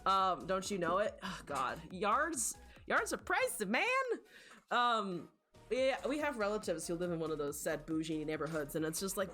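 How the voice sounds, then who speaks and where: A woman's voice: low voice, animated, normal speed, fairly bright tone, soft background music. A woman from rural Appalachia chatting casually on a live stream, rambling, swearing playfully and reading viewer messages. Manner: rambling, profane and playful, breaks into laughter.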